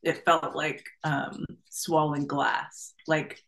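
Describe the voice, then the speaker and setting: A middle-aged woman, a guest in an interview, telling a personal story in a lively, casual way, laughing often and acting out the voices of the people in her story. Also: low-pitched, slow, slight background noise, rough recording. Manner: animated, laughs often, acts out quoted voices.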